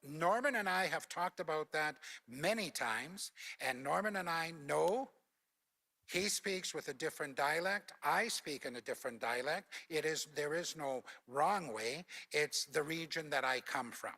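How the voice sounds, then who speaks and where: A man's voice: a little high, animated, a little slow, vocal fry, bright, forceful tone. An older man from Alberta, a former Cree teacher, explains language points in a panel talk with patient, instructive anecdotes. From Alberta, Canada.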